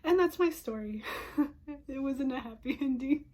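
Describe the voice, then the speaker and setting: A woman's voice: high voice, lively intonation, normal speed, darkish tone. A young adult woman vlogger telling a personal story in a storytime monologue, emotional and often dropping into whispered asides, with frequent "you know" fillers.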